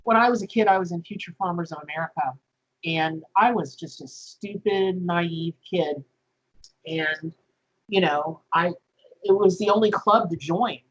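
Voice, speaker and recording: A woman from the Deep South talks casually about her tarot deck, effusive and quick to exclaim. Her voice is husky and a little breathy. She sounds close to tears. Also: low-quality recording. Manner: effusive, gushing, tearful exclamations. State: tearful. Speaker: tarot deck creator and host. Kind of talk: casual emotional chat.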